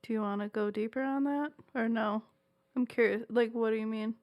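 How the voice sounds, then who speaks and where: A woman's voice: a little high, steady tone, fairly quick, muffled recording. Reassuring, rambling woman podcast co-host. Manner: rambling, reassuring, many fillers like "like". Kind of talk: casual chat.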